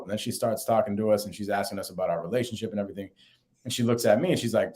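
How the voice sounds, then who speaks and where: A young man, co-host of a podcast, telling a story in casual chat and acting out quotes in a higher voice. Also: very fast. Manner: animated, acts out quotes in a higher voice.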